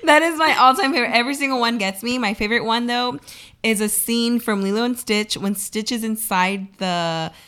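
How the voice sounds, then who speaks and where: A woman's voice: a little high, a little fast, a bit bright, smooth. A young woman co-hosting a podcast in casual chat, laughing often and retelling things with animation. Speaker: podcast co-host.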